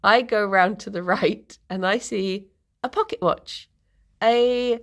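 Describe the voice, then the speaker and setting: A woman's voice: a little high, measured pace. A woman streamer casually telling a rambling story to her live chat, laughing often and correcting herself as she goes.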